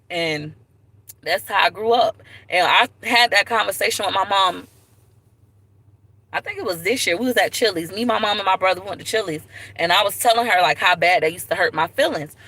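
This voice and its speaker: A woman speaks straight into her phone on a live stream, open and unguarded as she tells her story. Her voice is bright and forward, with a heartfelt edge and moments close to tears. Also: on the low side, normal speed, husky, no room sound, poor audio. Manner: candid, tearful at times, Southern US slang. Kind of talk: emotional personal storytelling.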